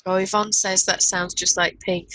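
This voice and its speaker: A woman's voice: on the low side, flat delivery, normal speed, pushed and bright, dry recording, low-quality recording. A middle-aged woman with a Northern English accent, co-hosting a casual online chat and reading out viewer comments. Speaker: co-host. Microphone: video call.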